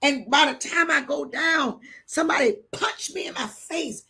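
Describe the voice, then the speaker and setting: An older woman bishop preaching a live sermon, telling a personal story with animated swings between hushed and shouted delivery. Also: sits high, normal speed, gravelly.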